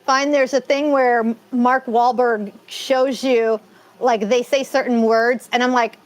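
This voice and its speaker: A woman's voice: a little high, fairly even intonation, measured pace, low-quality recording. A woman from Massachusetts co-hosting a casual live-stream chat, rambling and laughing often.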